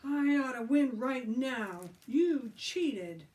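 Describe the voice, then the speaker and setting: A woman voicing Billy, a stubborn and suspicious boy, with raised, emphatic, drawn-out protests. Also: on the high side, sing-song, a little mellow. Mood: outraged. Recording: voice from a distant mic.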